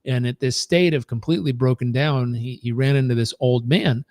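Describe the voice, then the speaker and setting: A man's voice: medium pitch, fairly even intonation, moderate pace, a little mellow, dry recording. A man speaks earnestly in a live coaching session, building his point through repetition. His voice sits in a mid range, and the sound is dry and close. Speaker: performance coach. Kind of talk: live training talk.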